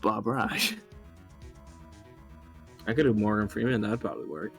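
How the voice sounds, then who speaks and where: A man chats casually on a live stream, rambling and swearing between jokes. His pitch jumps around a lot as he talks. Quiet game music sits in the background. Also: animated, measured pace, gravelly.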